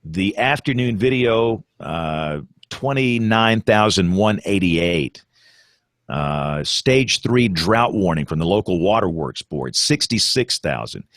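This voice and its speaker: A man's voice: deep voice, animated, takes it slowly, a bit bright, dry recording. A man hosting a weather talk show, giving firm advice in casual panel chat. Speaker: broadcast meteorologist host.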